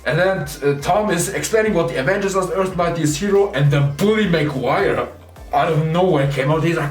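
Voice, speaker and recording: Young male movie reviewer, eager and chatty, acts out quotes; slightly high voice, recorded far from the mic in a roomy space. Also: normal speed. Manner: excited, retells scenes acting out quotes. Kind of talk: casual spoiler review. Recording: echoey room, distant mic, faint music.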